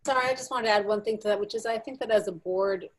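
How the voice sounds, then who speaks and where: A woman board member adds a brisk, informal point during a video-call meeting. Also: mid-range voice, low-quality recording.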